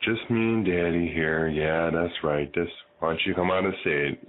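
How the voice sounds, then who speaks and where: A man filming his pet bird at home, cooing and baby-talking to her in a singsong voice that swoops up high on repeated phrases. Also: moderate pace. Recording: tinny phone-like sound with mains hum.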